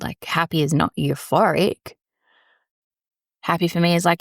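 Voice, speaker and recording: A woman's voice: fairly low pitch, fairly even intonation, a little slow, vocal fry, no room sound, clean studio sound. A woman, talking candidly and rambling on her solo podcast from a small storage room. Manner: candid, rambling, swears casually. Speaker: podcast host. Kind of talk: casual solo podcast monologue.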